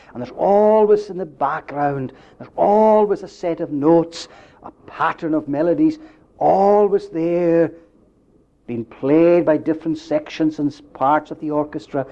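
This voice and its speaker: A man preaching a sermon, building up to emphatic questions and dropping his voice low at the end of phrases. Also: dark tone. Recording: dull lo-fi recording.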